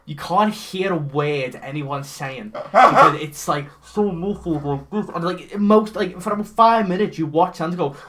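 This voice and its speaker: A man co-hosting a casual comedy podcast, animatedly recapping a bad movie with lots of swearing and quick character impressions. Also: fairly high pitch. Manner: animated, swearing, mimics characters mid-story. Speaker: podcast co-host.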